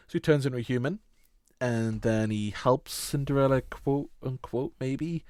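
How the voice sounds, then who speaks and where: Brief: young guy, mid-pitched, sardonic podcast co-host, swears a lot, dry close mic. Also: a little fast, darkish tone, no echo. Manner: sweary, sarcastic, laughs often. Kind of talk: casual chat.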